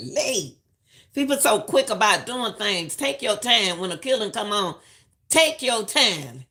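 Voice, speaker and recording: A woman's voice: mid-range voice, very animated, slow pace, bright, forceful tone. A middle-aged woman giving emphatic, preachy live-stream commentary and repeating lines for stress.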